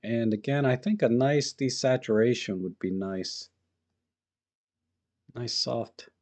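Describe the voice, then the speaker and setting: A man runs a live photo-editing stream, speaking slowly in a mid-range voice. He thinks aloud in a relaxed, chatty manner while working and says hello to viewers in the chat.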